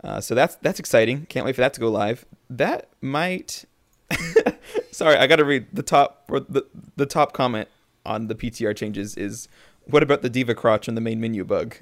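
A man's voice: mid-range voice, moderate pace, creaky. A man co-hosting a casual gaming podcast, chatty and upbeat, explaining game updates. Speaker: podcast co-host.

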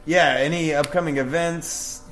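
A man's voice: on the high side, steady tone, measured pace, a bit bright. A man hosting a podcast, chatting casually, laughing and swearing easily. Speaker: podcast host. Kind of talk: casual chat.

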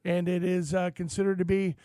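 A man hosts a radio show in a relaxed, halting way, filling pauses with ums and uhs. His voice sits high. The studio sound is dry and close. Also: no echo. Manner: easygoing, halting with many fillers. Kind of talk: casual radio talk. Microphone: studio microphone.

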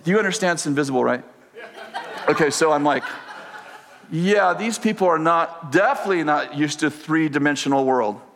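Animated preaching man in a reverberant hall. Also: fairly high pitch, moderate pace. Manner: animated storyteller, acts out dialogue, laughs often. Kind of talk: storytelling sermon.

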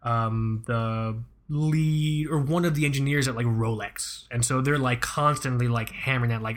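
A man's voice: mid-range voice, fairly quick. A young adult man hosting a podcast, talking in a rambling, casual, profane way and often correcting himself. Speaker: podcast host.

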